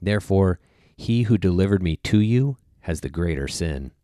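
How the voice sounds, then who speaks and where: A calm, solemn prisoner , read by a man, in a deep voice. The answers come slowly and gravely. The recording is close and dry. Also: dry recording.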